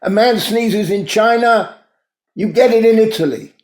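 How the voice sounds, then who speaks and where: A man's voice: high voice, measured pace, darkish tone. A man hosting a daily talk, telling a moral story in an earnest, emphatic way. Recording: roomy echo.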